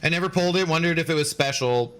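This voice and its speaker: A man's voice: fairly high pitch, quick pace, a bit bright, clean tone. A man live-streaming a game, joking and bantering as he answers his chat. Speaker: gaming streamer.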